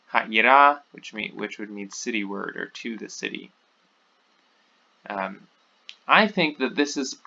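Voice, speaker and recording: A man's voice: lowish voice, gravelly, pushed and bright. A man teaching a recorded class lecture in an informal way, with many fillers and restarts. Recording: dull lo-fi audio.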